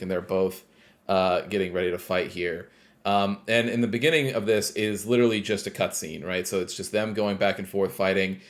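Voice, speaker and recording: A man co-hosting a casual video game podcast, retelling a game's story scene by scene in a relaxed, rambling way. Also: sits low, moderate pace. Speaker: podcast co-host.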